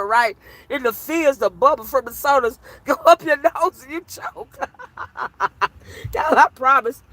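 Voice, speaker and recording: A woman giving animated, laughter-filled reaction commentary to her livestream chat, teasing and petty. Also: high-pitched, dry recording.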